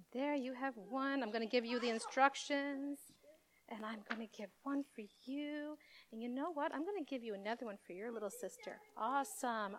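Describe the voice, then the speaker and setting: Lady doing the kids talk at church, high voice, upbeat and playful. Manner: animated, speaking to children. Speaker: children's minister. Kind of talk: children's message in church.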